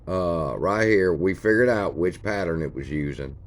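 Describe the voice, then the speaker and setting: Man, very deep voice, casual chart walkthrough, folksy. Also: moderate pace. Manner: folksy, points at chart features as he talks. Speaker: stock channel host.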